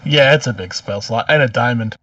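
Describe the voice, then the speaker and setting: A man's voice: mid-range voice, fairly quick, a bit bright, no echo, distant mic, highs cut off. A man playing in a tabletop game, joking and talking casually with the group. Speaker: player.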